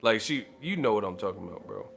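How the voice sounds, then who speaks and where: A man's voice: fairly low pitch, expressive, fast talker, vocal fry, a bit bright. Profane, laughing man telling a story. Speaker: boxing channel host. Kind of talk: casual storytelling monologue.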